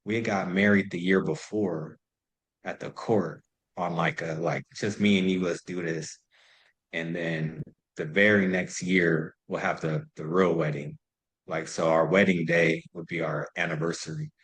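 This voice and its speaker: A man's voice: deep voice, steady tone, measured pace, fairly bright tone, rough recording. A man in his thirties, a podcast guest, telling stories in loose, profane casual chat full of "like". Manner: loose and profane, heavy use of "like".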